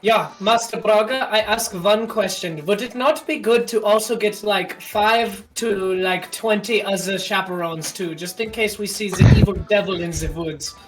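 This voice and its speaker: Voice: mid-range voice, normal speed, few pauses, faint music behind, rough recording. Stilted, formal tabletop player. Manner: stilted, formal in-character phrasing. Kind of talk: tabletop role-play.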